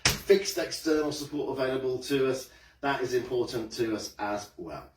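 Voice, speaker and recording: A man's voice: medium pitch, moderate pace. A middle-aged man, leading a live-streamed exercise class and cheerily greeting viewers by name. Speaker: fitness instructor.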